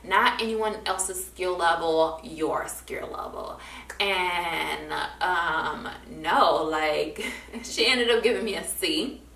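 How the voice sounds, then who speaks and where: A young adult woman vlogger tells a story in a casual chat, animatedly acting out the people she quotes in different voices. Her voice is lowish, slow and creaky. The room echoes and she sounds distant from the mic.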